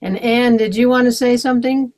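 A woman's voice: a little high, steady tone, a little fast, crowd noise. A woman hosting a video call, hesitant and a little flustered as she calls on speakers. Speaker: host.

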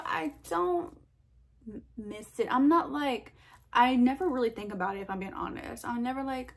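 Young woman doing a q&a vlog, kinda high voice, chatty and animated, lots of um and like. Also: normal speed, gravelly. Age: young adult. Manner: chatty, animated, lots of fillers and self-quotes. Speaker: vlogger. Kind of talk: casual Q&A vlog.

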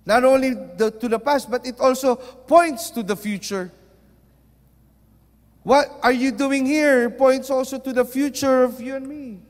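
A man preaching a sermon, mixing Tagalog into English and moving between loud and soft. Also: very high voice, measured pace. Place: church. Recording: long reverb of a large hall.

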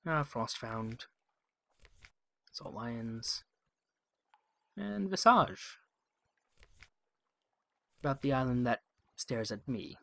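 A man hosting a game playthrough, reading text aloud and thinking out loud in a wry, musing way. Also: mid-range voice, very animated, very slow, vocal fry, long pauses. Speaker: let's play host.

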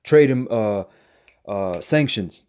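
A man's voice: on the low side, animated, darkish tone. A man preaching to camera as a street preacher, in a profane, combative rant that stumbles into repeats and ends phrases with "man". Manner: halting repetitions and stammered restarts.

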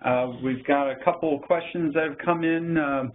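A man's voice: on the high side, steady tone. Hesitant man moderating over a tinny line. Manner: halting, frequent uh fillers. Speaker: webinar moderator. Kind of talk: hosting, reading out questions.

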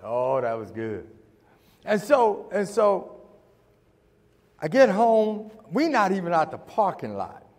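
A middle-aged man preaching a sermon, telling a story and acting out the dialogue before building to shouts. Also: high voice, wildly swooping pitch, slow, long pauses. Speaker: pastor. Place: church sanctuary. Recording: church hall with long reverb.

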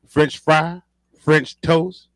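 A man co-hosting a podcast, joking loudly with quick profane asides. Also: a little high, fairly even intonation, no room sound, studio quality. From Chicago. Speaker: podcast co-host. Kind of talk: casual banter.

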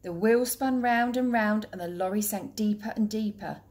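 A woman teacher reading a children's picture book aloud in a clear, steady, gentle voice. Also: mid-range voice, moderate pace.

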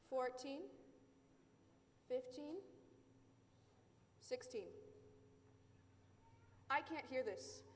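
A woman with a high, bright voice chats with children in a live audience as she runs a demonstration. Her voice echoes through a hall with a long reverb, over a faint hiss. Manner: chatty, addressing kids in the audience. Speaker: science show presenter. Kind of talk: live science demonstration talk.

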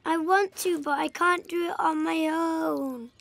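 A woman voicing a shy little boy rabbit, the younger brother, who speaks hesitantly and then bursts with excitement. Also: very high voice, a little slow, gravelly, a crowd in the background, exaggerated voice. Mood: pleading. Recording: music playing under the voice.

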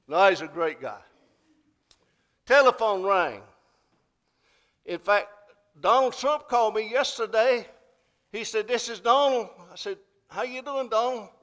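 A man's voice: high-pitched, a bit bright. A man preaching a sermon in church, telling folksy stories and building to emphatic exhortation. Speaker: pastor. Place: church sanctuary.

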